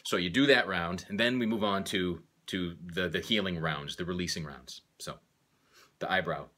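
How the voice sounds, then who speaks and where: A man's voice: low-pitched, moderate pace, pushed and bright. A man teaching a tapping technique, talking through each point and speaking the affirmations aloud as he taps. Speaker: tapping instructor. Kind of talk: guided tapping demonstration.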